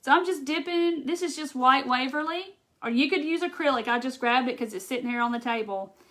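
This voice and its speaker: Here the host speaks a little fast in a high, fairly bright voice. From Mississippi with a Southern accent, she chats through a live craft demo, says "y'all," and reads and answers viewer comments aloud.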